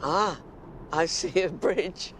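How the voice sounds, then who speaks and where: A woman's voice: on the low side, takes it slowly, a little hiss or hum. A woman chatting casually with her co-presenter during a road trip in a vehicle, keen on slipping into voices and accents. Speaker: travel show co-presenter.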